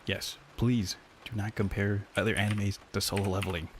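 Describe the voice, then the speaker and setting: A man's voice: fairly low pitch, level tone, normal speed, background noise. A man streaming and chatting with his viewers in a rambling, joking way, using a lapel mic. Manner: rambling, joking, talks to chat. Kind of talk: casual live-stream chat.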